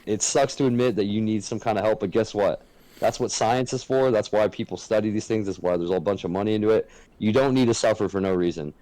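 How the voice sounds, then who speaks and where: Swearing freely, a man co-hosts a casual podcast, speaking frankly and earnestly. His voice is a little low and mellow, and he talks fast. The recording is close and dry, with no room echo.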